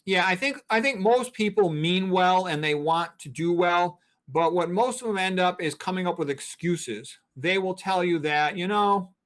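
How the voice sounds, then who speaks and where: A man's voice: high voice, moderate pace, hardly any pauses, fairly bright tone. A man in his sixties, a physician and guest, explaining things in a blunt, emphatic, lecturing way. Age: 60s. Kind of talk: interview talk.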